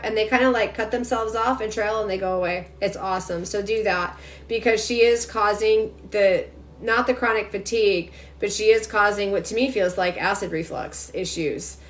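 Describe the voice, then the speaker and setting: On a relaxed phone livestream, a woman delivers an intuitive energy reading, talking to her audience directly in a quick, emphatic manner. Her pitch is fairly high and her tone fairly bright.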